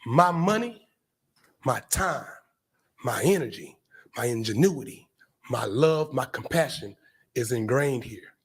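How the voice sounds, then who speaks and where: A man's voice: mid-range voice, animated, a little slow, long pauses, slightly rough. A man from Florida speaking at a county commission meeting podium in an emphatic public comment, repeating himself and addressing people directly. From Brevard County, Florida.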